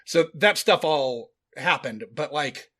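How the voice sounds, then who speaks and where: A man's voice: a little high, lively intonation, slow, sharp tone. A man co-hosting a podcast in a casual movie chat, loose and filler-heavy with the odd swear. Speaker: podcast co-host.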